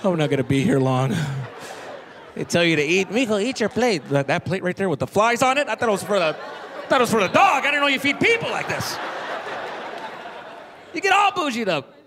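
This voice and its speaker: A man performing stand-up in a theater, his voice pitched high and swinging wildly as he acts out the people in his stories. A live audience roars behind him, and the recording carries some noise. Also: a little fast, long pauses, a crowd in the background. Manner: animated storytelling, acting out relatives and teachers. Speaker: stand-up comedian. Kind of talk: stand-up comedy set.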